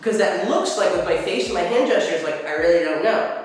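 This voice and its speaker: A man's voice: sits high, animated, fairly quick. A man teaching dating advice to camera, swearing freely and acting out his examples. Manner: profane, demonstrative, acts out examples. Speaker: dating coach. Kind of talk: instructional talk to camera. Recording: echoey hall, far from mic.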